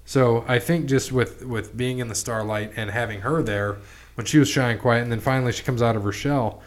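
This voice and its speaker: A man's voice: medium pitch, steady tone, brisk. A man hosting a podcast in a casual chat, rambling with lots of restarts and casual swearing. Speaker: podcast host.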